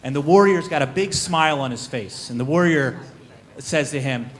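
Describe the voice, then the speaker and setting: A man with a slightly raised voice tells a parable to a conference audience. He narrates in a lively, storytelling way. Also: on the high side, moderate pace. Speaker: conference panelist. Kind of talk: telling a parable in a talk.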